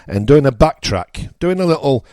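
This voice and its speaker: A man's voice: mid-range voice, big pitch swings, normal speed, mellow, no room sound, studio quality. A man from northern England with a northern English accent, hosting a radio show and delivering a blunt, opinionated political rant with emphatic repetition.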